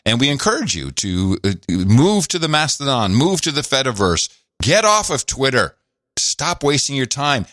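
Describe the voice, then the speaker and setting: A male podcast host riffing in loose, teasing banter, laughing as he goes. His voice is bright and cutting, and his pitch swoops all over. The sound is close and bone dry. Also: sing-song, normal speed, dry recording. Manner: joking, mocking, laughs often. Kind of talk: casual banter.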